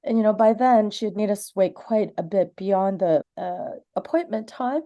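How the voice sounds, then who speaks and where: Earnest mellow-voiced woman telling her story. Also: medium pitch, expressive, moderate pace, muffled recording. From Canada. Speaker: community member giving public comment. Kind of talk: personal testimony.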